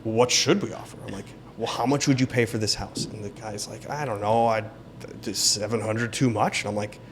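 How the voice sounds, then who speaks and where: Animated man telling a deal story. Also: fairly low pitch, a little fast, a little hiss or hum. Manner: animated, acts out quoted dialogue. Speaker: realtor guest. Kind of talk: casual interview storytelling.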